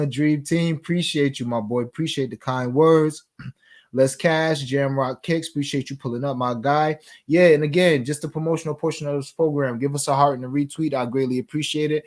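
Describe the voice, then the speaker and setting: A man's voice: on the high side, a little mellow. Laid-back man hosting a betting show. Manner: laid-back, slangy, reads viewer comments aloud. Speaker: sports betting show host. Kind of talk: casual chat reading live comments.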